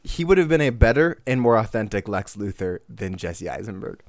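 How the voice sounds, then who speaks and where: A man co-hosting a podcast in casual chat, excitable and rambling, full of fillers and restarts. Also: on the low side, brisk, no echo, clean studio sound. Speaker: podcast co-host.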